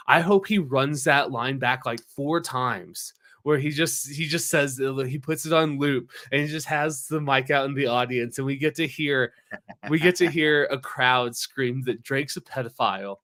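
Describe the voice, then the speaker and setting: A man's voice: medium pitch, measured pace, sharp tone. A man co-hosting a podcast in casual banter, rambling and emphatic, swearing often. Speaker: podcast co-host.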